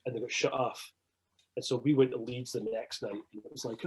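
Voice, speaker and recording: Husky-voiced Scottish man telling a story. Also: mid-range voice, quick pace, low-quality recording. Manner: excitable, swears often, many restarts. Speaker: podcast guest. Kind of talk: casual chat, storytelling.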